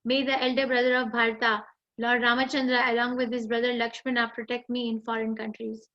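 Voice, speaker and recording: A woman with an Indian English accent, teaching an online class and reading scripture in a measured, deliberate way. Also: fairly high pitch, little pitch movement. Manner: measured, deliberate recitation with chanted mantras. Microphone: video call. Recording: dull lo-fi online call audio.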